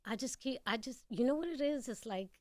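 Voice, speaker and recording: A woman's voice: a little high, lively intonation, a little fast, darkish tone, dry recording. A woman with a New York accent, a guest actor telling her story in a blunt, candid way in a casual radio interview. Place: radio studio.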